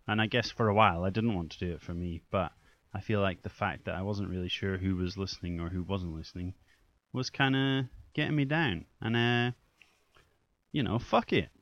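This young man, hosting his own podcast, has a fairly low but slightly bright voice. His casual solo chat rambles with self-mockery and an occasional swear. The recording is dull, lo-fi, and dry.

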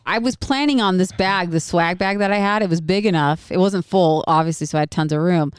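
A young woman chats through a long story as podcast co-host, animated and quick to swear and laugh. Her voice sits slightly low. The sound is dry and close, with no room echo. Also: clear, resonant tone. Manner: animated, profane, laughs often. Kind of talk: casual storytelling chat.

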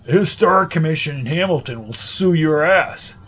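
A man's voice: on the high side, expressive, normal speed, fairly bright tone, slightly rough. A man voicing a mouthy, heavyset bully who jeers and threatens. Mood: jeering.

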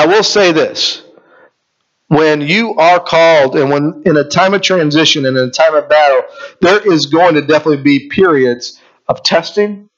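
A man's voice: a little high, fairly bright tone, highs cut off. A man preaching a sermon as pastor, asking rhetorical questions and reading scripture aloud.

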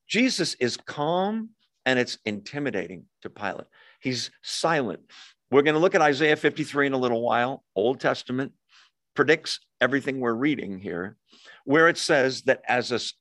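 A man teaching a Bible study in a relaxed, conversational tone. He poses questions and answers them himself, and he acts out quoted lines with a lifted voice. The sound is dry and close, with no room echo. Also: mid-range voice. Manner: conversational, asks and answers his own questions.

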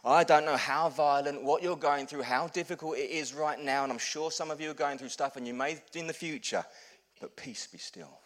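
A man preaching a sermon as pastor, telling stories with humor, swinging from loud bursts to hushed lows. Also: steady tone, brisk, hardly any pauses.

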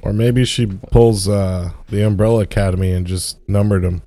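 Mellow low-voiced man, dry jokes. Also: normal speed. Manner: dry, relaxed joking. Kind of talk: casual chat.

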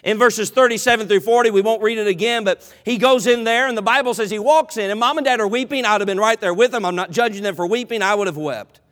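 A male preacher delivers an animated sermon, slipping into the voices of Bible characters. His voice sits high and rings bright and forceful. It carries the long reverb of a big church hall. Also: fast talker, hardly any pauses. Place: church sanctuary.

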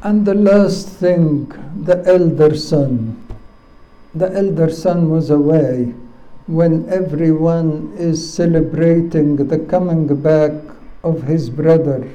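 Guy preaching real slow, dark mellow voice, repeats stuff for emphasis. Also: fairly high pitch, rough recording. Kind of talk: sermon.

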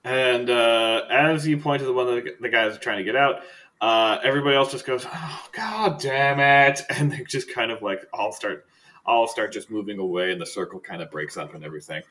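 A man's voice: fairly low pitch, brisk, a bit bright. A man narrating as game master in a tabletop game. He talks loosely and laughs often.

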